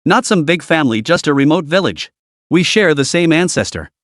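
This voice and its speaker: A hot-tempered young street fighter from a comic story, as a male narrator puts him on. He sounds flustered and defensive, with lively intonation. The sound is dry and close. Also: a little high, a little fast, no room sound, natural voice.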